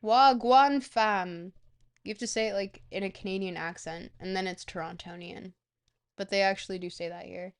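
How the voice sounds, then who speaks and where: A woman's voice: on the low side, flat delivery, brisk. A young woman streamer chatting casually and rambling as she reads out and answers viewer questions. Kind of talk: casual chat with a live stream audience.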